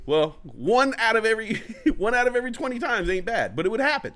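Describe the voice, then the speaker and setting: A talk show host with a high, bright voice speaks fast and very animatedly, barely pausing. He's an adult from the California Bay Area with a young child, telling a long, rambling, profane story casually and acting out angry quotes.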